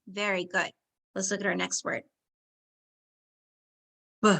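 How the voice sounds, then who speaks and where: A woman teacher, slowly leading young children through a phonics lesson, sounding out words and giving warm encouragement. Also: mid-range voice, level tone, vocal fry.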